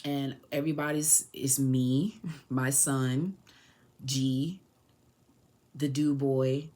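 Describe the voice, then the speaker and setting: A young woman in her twenties with a low, full voice tells a personal story on her podcast. She speaks casually and with feeling, and acts out the lines of the people she is quoting. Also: very slow. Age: 20s. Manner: emotional, animated retelling with quoted dialogue. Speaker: podcast host.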